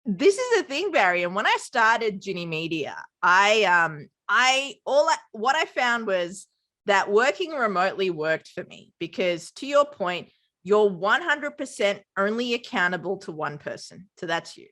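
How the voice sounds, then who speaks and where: Woman, founder-guest, mid-pitched, warmly affirming conversationalist. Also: big pitch swings, unhurried. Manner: affirming, reflective, talks with lots of "like". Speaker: podcast company founder, guest. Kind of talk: conversational interview.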